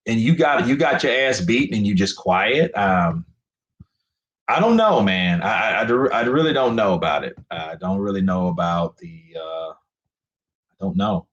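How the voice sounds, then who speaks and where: Frustrated man ranting with lively pitch. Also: normal speed, echoey room, rough recording. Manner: emphatic, profane, repetitive. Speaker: boxing commentator streamer. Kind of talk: live stream commentary rant.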